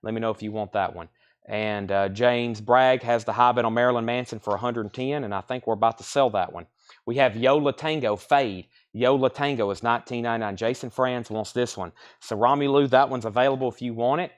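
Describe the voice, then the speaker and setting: A man's voice: medium pitch, brisk. Man calling out live record sale bids. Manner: repeats prices and reads out bids in a steady, chatty stream. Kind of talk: live-stream sales patter.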